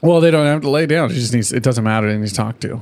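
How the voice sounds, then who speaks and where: A man in an easygoing podcast chat, middle-pitched and loose, with swearing sprinkled through. He jumps into high, squeaky voices when he acts out the characters he is recapping. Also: rapid-fire, a little mellow. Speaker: podcast co-host. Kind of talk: casual chat.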